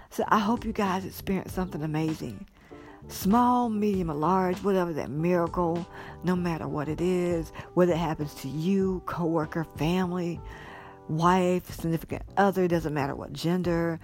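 A woman with a notably low, deep voice talks straight to her viewers in an effusive, rambling way. She sounds teary with joy as she pours out her thanks, and faint music plays underneath. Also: moderate pace, a little mellow. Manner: effusive, grateful, rambling storytelling. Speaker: vlogger. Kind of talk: casual vlog monologue.

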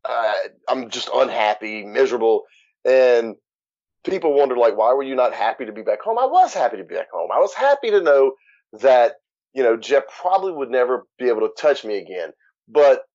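A man's voice: mid-range voice, sing-song, moderate pace, a little mellow. A man from Louisiana, a podcast guest, recounting his own past in a plain, matter-of-fact way with frequent restarts. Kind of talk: candid personal account. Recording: dull, muffled dry recording.

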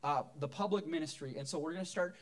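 A pastor, a man with a notably high voice, delivers a relaxed, conversational sermon in church. He jokes with the congregation as he teaches. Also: fast talker.

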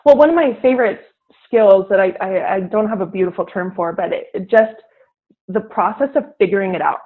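Animated teacher woman on a tinny line. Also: mid-range voice, brisk. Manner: animated, acts out classroom dialogue. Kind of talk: interview guest.

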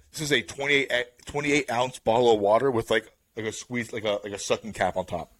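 A male podcast host telling a rambling story in a casual chat, full of fillers and slang, getting louder as it builds. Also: medium pitch, brisk, few pauses, dry recording. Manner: rambling, filler-heavy with "like" and "bro"; animated, builds up to louder bursts.

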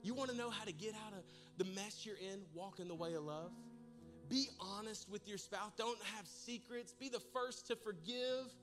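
A man preaching to his congregation, telling a comic personal story with animated, humorous delivery. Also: high-pitched, normal speed, over music. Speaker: pastor. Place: church service in a large room.

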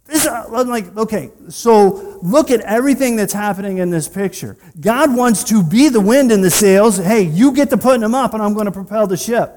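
A man's voice: high-pitched, lively intonation, normal speed, hardly any pauses, a little mellow. A male pastor preaching a sermon in a conversational way, with personal asides and rhetorical questions. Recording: long reverb of a large hall.

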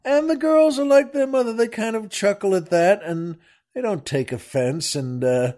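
A man's voice: sits high, normal speed, darkish tone. A man hosting a podcast, casually telling a joke and chuckling as he rambles along with many fillers. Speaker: podcast host.

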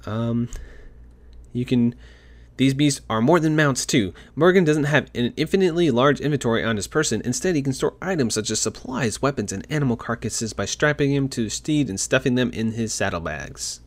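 A man reading a game article aloud and adding his own excited, gushing commentary, talking fast with frequent restarts. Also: mid-range voice. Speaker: gaming commentator.

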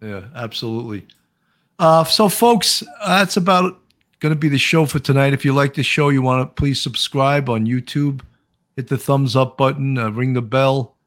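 A man's voice: medium pitch, moderate pace, fairly bright tone. A chatty man with a New York accent hosts a casual livestream. He laughs easily and often restarts his sentences. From Long Island, New York. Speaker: host, former investigator.

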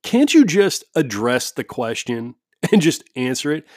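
Man, casual home monologue, profane, sarcastic, lively pitch swings, dry close sound. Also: a little slow, no room sound. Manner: animated, profane, sarcastic, frequent laughs. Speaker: parent with kids at home.

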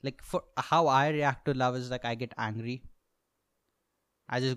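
Young male comic, solo podcast monologue, profane and self-mocking, bursts of shouting, clean dry mic. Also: medium pitch, fairly even intonation, measured pace, clear, resonant tone, dry recording. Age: 20s. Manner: profane ranting, laughs at own jokes, sudden loud outbursts. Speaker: podcast host, stand-up comedian.

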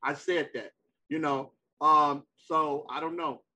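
A man's voice: fairly high pitch, steady tone, slow, bright, forceful tone, poor audio. A man co-hosting a casual sports talk debate, emphatic and repeating himself to hold the floor.

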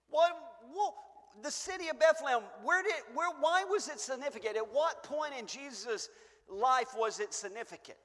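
High-voiced man preaching in an echoing hall. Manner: emphatic, swings between booming and hushed. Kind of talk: sermon. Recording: long echo of a church hall.

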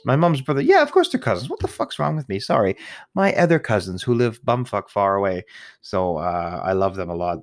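Deep-voiced man rambling on his podcast. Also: creaky, dry recording, clean studio sound. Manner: rambling, profane, self-mocking, with fillers and sniffles. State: nervous. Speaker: podcast host. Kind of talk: casual solo podcast chat.

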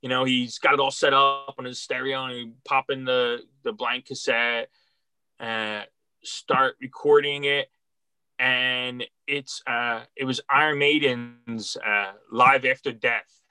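A man's voice: medium pitch, steady tone, slow, bright, forceful tone, clean tone, dry recording. A middle-aged man from Philadelphia, a record store worker, tells stories in a rambling, heartfelt way with many restarts. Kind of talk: casual interview storytelling.

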